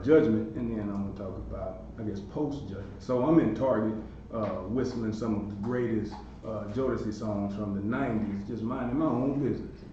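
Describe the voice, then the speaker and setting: A man's voice: lowish voice, slight background noise. Man in his forties, echoey and distant. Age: 40s. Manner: animated storyteller. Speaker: podcast host. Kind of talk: storytelling monologue. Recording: echoey room from far off, dull lo-fi sound.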